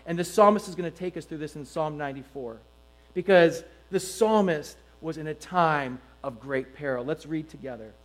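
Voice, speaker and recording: A middle-aged man preaching a sermon to his congregation, emphatic and animated, full of rhetorical questions. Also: fairly high pitch, moderate pace, poor audio. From United States. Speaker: pastor.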